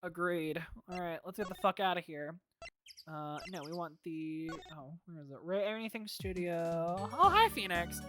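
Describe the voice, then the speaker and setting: A woman streamer giving casual, excitable commentary on a game, swearing and laughing often. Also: fairly low pitch, normal speed, background noise.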